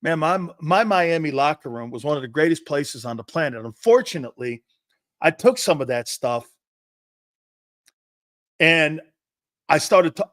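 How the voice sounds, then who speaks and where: A middle-aged man hosting a sports talk show, a brash, loud storyteller who acts out the quotes. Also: medium pitch, no echo, clean studio sound.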